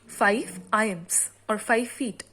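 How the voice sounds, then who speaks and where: Woman, literature teacher, slow careful delivery, somewhat high voice, fillers and pauses. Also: a bit bright. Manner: slow and deliberate, with frequent "uh" fillers; reads the poem aloud slowly with extra stress. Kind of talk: classroom explanation.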